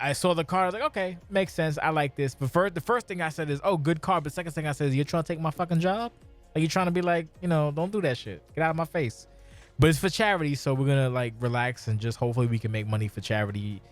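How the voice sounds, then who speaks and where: A man hosting a casual podcast, swearing a lot and ranting in mock outrage. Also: on the high side. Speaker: podcast host.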